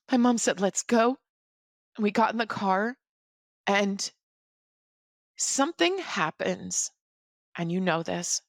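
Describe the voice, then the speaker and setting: A middle-aged woman telling a personal story as a podcast guest, in an earnest, halting, reflective way. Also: medium pitch, a bit bright, no echo, clean studio sound.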